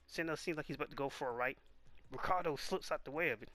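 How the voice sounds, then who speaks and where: A man's voice: fairly high pitch, quick pace, pushed and bright. Stammering man narrating anime fight. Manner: stammering, restarting, reading subtitles aloud. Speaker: video host reacting to a boxing anime. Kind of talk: casual narrated watch-along.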